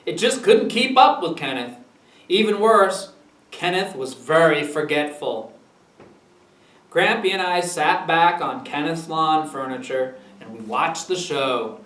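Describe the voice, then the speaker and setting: Maine guy reading his funny story out loud, high bright voice, far from the mic. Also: expressive, unhurried, reverberant. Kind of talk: reading aloud a humor book.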